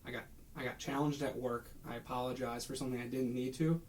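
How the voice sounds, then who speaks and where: A young man co-hosting a casual podcast at a middle pitch. He tells rambling, chatty stories and keeps restarting his sentences as he goes. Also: steady tone, fast, slight background noise. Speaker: podcast co-host. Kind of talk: casual chat.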